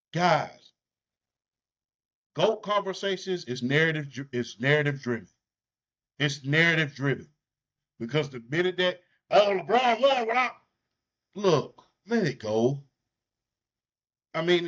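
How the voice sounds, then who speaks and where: A man with a Southern US accent talking sports on a podcast, blunt and jokey. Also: a little high. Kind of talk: casual sports talk. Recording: muffled lo-fi audio.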